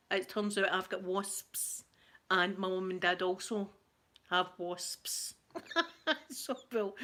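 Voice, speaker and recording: A woman's voice: mid-range voice, fairly bright tone. A middle-aged Scottish woman hosting a casual live chat for her channel, chatty and self-deprecating, often laughing. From Scotland. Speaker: ASMR channel host.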